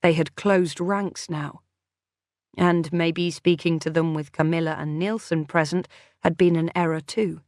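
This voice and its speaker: A woman narrating a first-person mystery audiobook in an even, measured way. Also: low-pitched, dry recording, studio quality.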